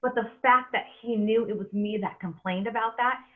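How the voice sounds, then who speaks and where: A woman's voice: fairly high pitch, moderate pace. A woman in her thirties hosting a podcast, speaking earnestly and with emphasis, often repeating words as she talks. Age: 30s. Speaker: podcast host. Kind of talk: casual podcast chat. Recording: tinny phone-like audio.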